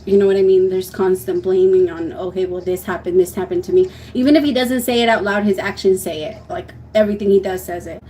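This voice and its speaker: A woman's voice: medium pitch, a little mellow, a little hiss or hum, rough recording. A young woman giving a tarot reading on a livestream, talking in a soothing, emotional way and often restarting her sentences. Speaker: tarot reader.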